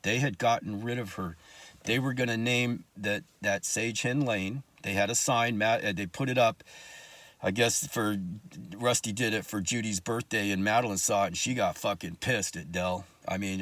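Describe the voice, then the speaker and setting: A man's voice: on the low side, steady tone, moderate pace, fairly bright tone, no echo. A man telling his own life story in casual talk, blunt and profane, with angry asides.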